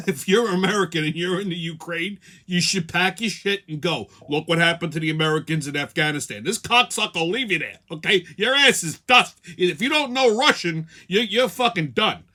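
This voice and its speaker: A man's voice: sits high, lively intonation, normal speed, sharp tone. A man hosting a weekly show, ranting sarcastically and profanely. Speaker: host. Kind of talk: profane comedic rant.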